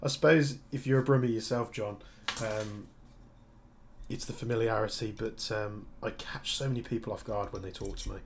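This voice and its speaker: This airsoft tech streamer, a man from Birmingham, England, with the local accent, keeps his live-stream chat casual as he builds and responds to viewers, explaining as he goes. His voice is lowish with fairly even intonation at a moderate pace, over a noisy background.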